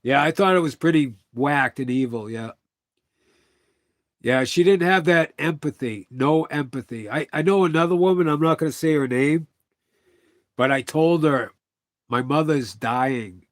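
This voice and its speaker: A man's voice: on the high side, normal speed, no room sound, studio quality. Rambling middle-aged man on a livestream. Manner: rambling storytelling with quoted dialogue. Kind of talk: casual livestream chat.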